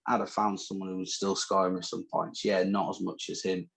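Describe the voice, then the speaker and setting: A man's voice: low voice, little pitch movement, a little fast, creaky, a loud crowd, low-quality recording. A man with a northern English accent, co-hosting a podcast in casual, teasing banter. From northern England. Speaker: podcast co-host. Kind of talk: casual chat.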